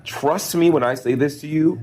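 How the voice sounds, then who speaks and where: A man's voice: on the high side, moderate pace, darkish tone. A man hosting a commentary video, explaining earnestly. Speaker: commentary host.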